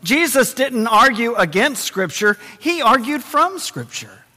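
A man preaching a sermon, lively and expressive, dropping to a low, quiet voice to stress key points. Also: measured pace, big-room sound. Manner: expressive preaching, drops to a low hush for emphasis. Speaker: pastor.

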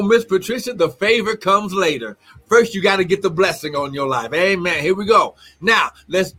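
A man preaching a livestreamed sermon, reading scripture aloud and breaking into shouts and exclamations. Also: high voice. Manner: reads scripture aloud and comments.

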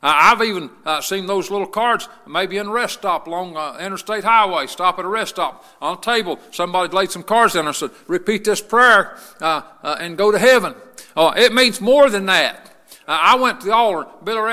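High bright pastor guy preaching, lots of uh's, church echo. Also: brisk. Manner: rising to an impassioned preaching cadence, with many "uh" fillers. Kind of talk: sermon. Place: church sanctuary, broadcast service. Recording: long reverb of a church hall.

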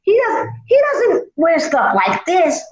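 A woman leads a children's church lesson in a playful, theatrical way. Her voice sits high and swoops all over its range. The sound is roomy and a little dull. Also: big pitch swings, slow pace.

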